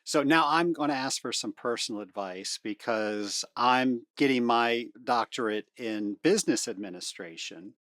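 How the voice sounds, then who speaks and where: A woman's voice: very deep voice, normal speed, few pauses, a bit bright, dry recording, clean studio sound. A woman hosting a podcast interview, upbeat and playful, with big swings in her voice. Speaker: podcast host.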